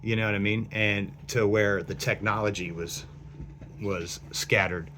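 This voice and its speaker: A man with a lowish voice talks into his phone in a loose, wandering monologue, trailing off and restarting his sentences often. A faint hum runs underneath the recording. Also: steady tone, unhurried, a bit bright. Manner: meandering, full of fillers and restarts. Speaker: vlogger. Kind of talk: rambling speculative monologue.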